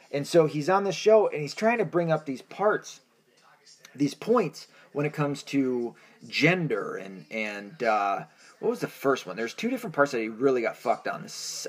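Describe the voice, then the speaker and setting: An American man hosting his own podcast, talking alone in a rambling, profane monologue full of restarts and fillers. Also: medium pitch. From United States. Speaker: podcast host.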